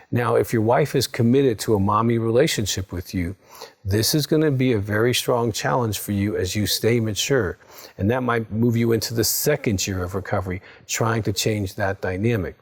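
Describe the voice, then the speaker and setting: A man in his sixties, a psychologist giving a direct, coaching talk to viewers and often checking in with "okay?". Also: on the low side. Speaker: psychologist and recovery counselor.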